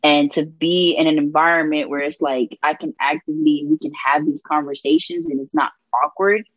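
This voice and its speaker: Low-voiced woman, animated storyteller. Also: normal speed, no room sound, dull audio. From Puerto Rico. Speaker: gospel rapper and interview guest. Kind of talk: candid conversational testimony.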